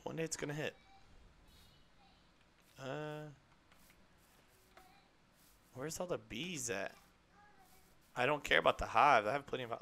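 A young man streaming a game live, chatting in a rambling, excitable way to his viewers and to the creatures on screen. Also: mid-range voice, moderate pace, gravelly, pauses often. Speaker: gaming streamer. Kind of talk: live gameplay chat.

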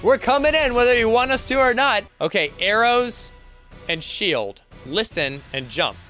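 A young man hosting a let's play, chatting excitedly as he plays, laughing and yelping often. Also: high-pitched, measured pace, faint music behind. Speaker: gaming channel host.

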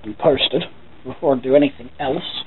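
A man's voice: medium pitch, moderate pace. An English man vlogging casually, thinking aloud as he goes and swearing now and then. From England. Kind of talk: casual talking to camera. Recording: tinny phone-like sound with faint noise.

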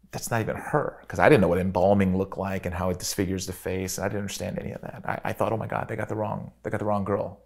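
A middle-aged man telling a personal story in an interview, earnest and reflective, with frequent pauses and restarts. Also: deep voice, gravelly, breathy edge. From Chicago, USA.

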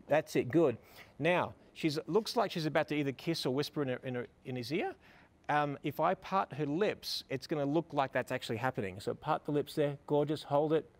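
A middle-aged man teaching photography outdoors beside a building, directing a couple with upbeat, coaxing praise. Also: on the high side. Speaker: photography instructor. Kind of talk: on-location teaching, directing models.

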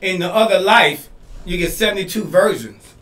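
A man from Detroit, a comedian co-hosting a podcast, riffing loudly and laughing through his punchlines. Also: high voice, moderate pace. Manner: animated, laughing, yelling punchlines. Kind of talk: loose comedic banter. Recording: echoey room, mic at a distance, faint noise.

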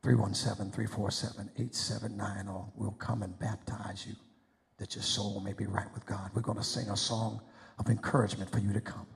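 A man's voice: on the low side, flat delivery, brisk, vocal fry. A preacher man giving an impassioned, pleading sermon invitation in a church sanctuary. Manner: impassioned, pleading, rising to shouts. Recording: echoey church hall.

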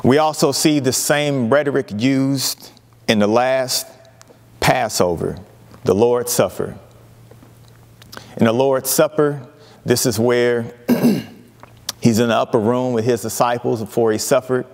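A man's voice: medium pitch, gravelly, darkish tone. Preaching man in a reverberant church. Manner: emphatic preaching with dramatic pauses and vivid retellings. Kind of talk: sermon. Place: church sanctuary.

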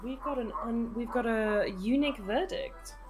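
A woman's voice: on the high side, moderate pace, over music. A woman playing a co-op game with a friend on stream, chatty and giggly as she tells stories. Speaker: stream moderator and co-op partner. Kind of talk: casual gaming chat.

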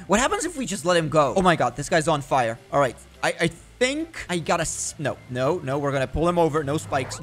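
A young man commenting on his gameplay, excitable and jokey, slipping into mock-stern cop bluster. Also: high voice. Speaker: gaming YouTuber.

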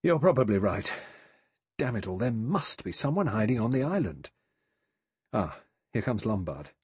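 A man's voice: on the low side, big pitch swings, moderate pace, darkish tone, breathy edge, dry recording, full character voice. A man voicing a worried middle-aged male doctor who speaks hesitantly and doubtfully.

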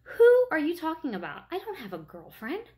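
A woman reading aloud and voicing a shy, earnest schoolboy with a crush on his teacher, speaking up high when flustered. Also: wildly swooping pitch, moderate pace, dark tone. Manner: flustered, raised voice.

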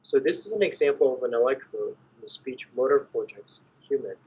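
A man giving a measured, explanatory academic lecture as an invited conference speaker. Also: mid-range voice, lively intonation. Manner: measured, explanatory, clears throat at times. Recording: dull lo-fi recording.

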